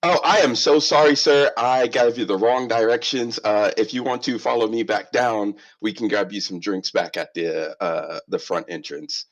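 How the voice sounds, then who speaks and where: A man's voice: fairly low pitch, fairly even intonation, normal speed, hardly any pauses, highs cut off, natural voice. A man putting on a flustered gnome bluffing as staff. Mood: apologetic bluffing.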